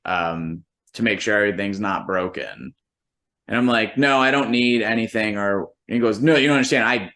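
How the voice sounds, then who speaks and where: Telling a long, profane, rambling story stuffed with "like," this man, a musician and comedian, imitates the people in it roughly as he quotes them. His voice is on the low side, with a fairly bright tone.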